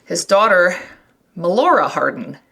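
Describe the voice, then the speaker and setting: A woman co-hosting a podcast in casual chat, animated and quick to laugh. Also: fairly low pitch, gravelly, breathy edge. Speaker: podcast co-host; physics professor.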